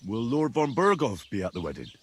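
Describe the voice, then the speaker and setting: Husky, easygoing young hero. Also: male voice, medium pitch, wildly swooping pitch, fairly quick. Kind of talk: video game voice acting.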